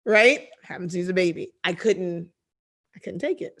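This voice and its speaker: Reading scripture aloud, a woman leads a conversational Bible study, then unpacks each passage with lively, chatty asides. Her lowish voice moves at a moderate pace, slightly rough and edged with vocal fry.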